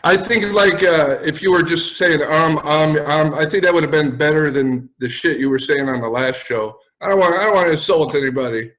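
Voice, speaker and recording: A man's voice: a little high, moderate pace, hardly any pauses, fairly bright tone, rough recording. A man with a Chicago accent, a guest on a podcast, talking bluntly and swearing freely in casual chat. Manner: blunt, profane.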